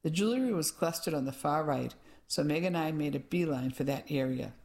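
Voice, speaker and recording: A woman narrating a first-person audiobook in an even, measured way. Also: sits low.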